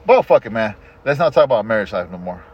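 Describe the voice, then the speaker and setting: A middle-aged man hosting a casual podcast chat, telling stories in an animated, profane way. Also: fairly low pitch, fast, husky. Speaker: podcast host. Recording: dull lo-fi podcast audio.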